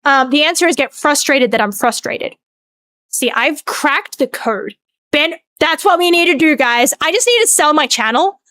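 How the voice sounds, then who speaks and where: A woman's voice: sits high, animated, moderate pace, sharp tone, dry recording. A woman streamer in casual end-of-stream chat, rambling and venting with plenty of swearing, then thanking her viewers.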